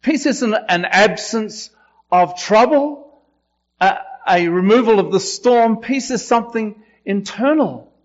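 A man preaching a sermon with slow, emphatic delivery, his voice rising when he quotes. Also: high-pitched, animated, muffled recording. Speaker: pastor.

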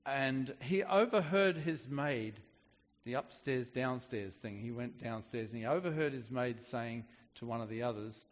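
A man's voice: medium pitch, unhurried, big-room sound, dull audio. A man preaching a sermon in a conversational way, often restarting his sentences. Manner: conversational with frequent restarts and fillers.

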